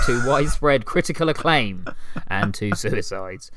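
A man hosting a comedy podcast, delivering absurd quiz facts deadpan and giggling between them. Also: mid-range voice, unhurried, few pauses, a little hiss or hum. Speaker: podcast host.

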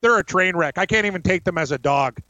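A man's voice: high-pitched, fast talker, sharp tone, dull audio. A man co-hosting a sports betting show, giving blunt opinions and short reactions in casual chat.

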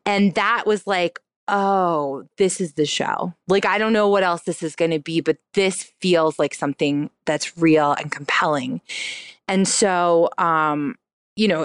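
Guesting on an interview, a comedian and cabaret performer in her thirties talks in a chatty, casual way, her clear, resonant voice peppered with "like." She performs quoted lines in a raised pitch, and the recording has no echo.

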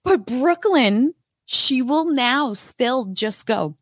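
A woman's voice: high-pitched, expressive, takes it slowly, fairly bright tone, no echo. A woman co-hosting a podcast, chatting and telling stories with laughter. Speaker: podcast co-host. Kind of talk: casual chat.

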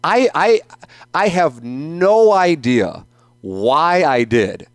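A man's voice: a little high, sing-song, very slow, dry recording. A middle-aged man hosting his own podcast, ranting in a casual, profane way and repeating himself for emphasis. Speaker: podcast host. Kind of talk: opinionated casual rant.

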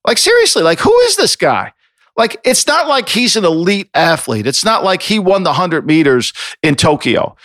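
A man's voice: high voice, sing-song, normal speed, fairly bright tone, dry recording, studio quality. A man co-hosting a sports podcast, ranting with exasperation and swearing freely. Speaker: podcast co-host. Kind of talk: heated sports opinion talk.

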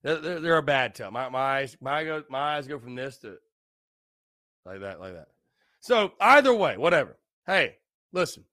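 Brief: young guy, tipsy podcast host, lively up-and-down pitch, rambling repeats, dry close sound. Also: moderate pace, no room sound. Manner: rambling, repetitive, loose and tipsy. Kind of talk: casual solo podcast talk.

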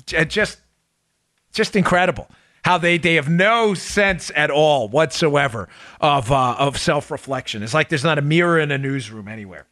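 A man's voice: on the high side, normal speed, bright, forceful tone, dry recording, clean studio sound. A man hosting a podcast, giving emphatic, sarcastic political commentary and repeating phrases for effect. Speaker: podcast host.

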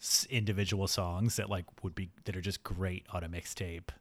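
A man co-hosts a podcast, chatting casually about music in a hesitant way, with frequent ums and restarts. His voice is deep and steady, at a moderate pace.

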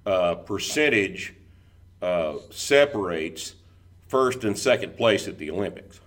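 A man's voice: sits low, lively intonation, takes it slowly, fairly bright tone. A man hosting an interview, with sardonic asides about the topic. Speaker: podcast host. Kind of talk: casual interview chat.

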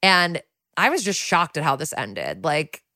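Low-voiced woman recapping a TV episode. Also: unhurried, dry recording, studio quality. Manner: animated retelling, acting out quotes, wry asides. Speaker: podcast co-host. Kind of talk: casual recap storytelling.

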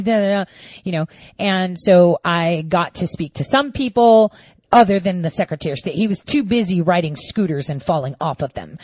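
A woman telling viewers a story in a casual monologue, indignant and animated, acting out both sides of each exchange. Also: fairly low pitch, no room sound, highs cut off. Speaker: storyteller recounting a voting dispute.

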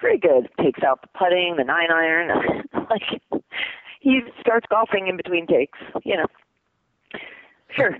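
An excitable man with a lively, bouncing delivery chats as an interview guest, laughing often and tossing in "dude" at every turn. His voice sits a little high for a man. It comes through a tinny, phone-like line that sounds dry and close. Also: a little slow, pauses often, dry recording. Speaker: voice actor guest. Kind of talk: casual interview chat.

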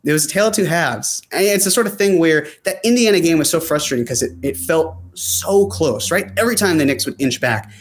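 A man with a slightly higher voice hosts a casual sports talk show, reading viewer comments aloud and answering them loosely with lots of fillers and restarts. He sounds animated, talks fairly quickly, and rarely pauses.

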